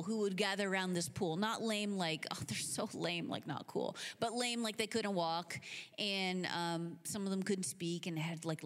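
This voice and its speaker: A woman preacher telling stories in a sermon, animated and casual, with many filler words. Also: mid-range voice. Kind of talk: sermon storytelling. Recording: long hall reverb.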